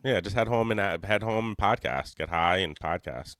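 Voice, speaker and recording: A man's voice: sits low, lively intonation, normal speed, background noise. A man with an Upstate New York accent, hosting a casual golf podcast chat in a rambling, profane way. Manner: rambling, profane, laughs often. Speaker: podcast host.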